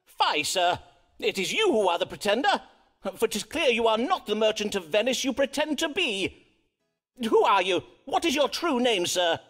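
An actor playing a pompous Elizabethan male doctor and astrologer, speaking in stately, measured old-fashioned English in a game. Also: high-pitched, very animated, fairly bright tone, soft background music, full character voice. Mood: indignant. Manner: archaic stately speech, measured. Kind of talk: game voice acting.

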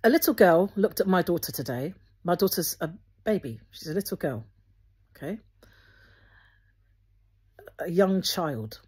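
Woman host, low-pitched and breathy, speaks earnestly and gently to her viewers. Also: animated, measured pace, long pauses. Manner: earnest and gently instructive, with frequent restarts. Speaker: Christian video host. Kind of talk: spoken encouragement to viewers.

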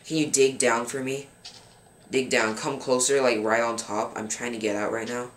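A young man in his teens giving casual gameplay commentary as a gaming channel host, rambling, filling pauses with um and grumbling at his game. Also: medium pitch, fairly even intonation, fairly bright tone. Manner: frustrated, rambling, fills pauses with um. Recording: roomy with faint background noise.

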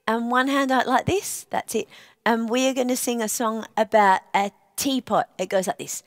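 A woman presenting to young children, speaking in a gentle, encouraging way and asking playful questions between songs. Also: a little high, normal speed, dry recording, clean studio sound.

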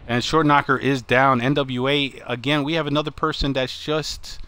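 A man giving excited live commentary on his own video game session, often laughing and repeating exclamations. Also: medium pitch, normal speed, a little hiss or hum. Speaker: game streamer.

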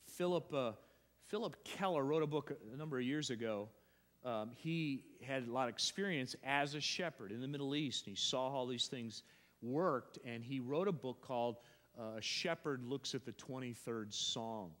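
A man's voice: mid-range voice, normal speed, a bit bright. A male pastor preaching a sermon, emphatic and repeating phrases, often restarting his sentences. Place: church sanctuary. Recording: long church reverb.

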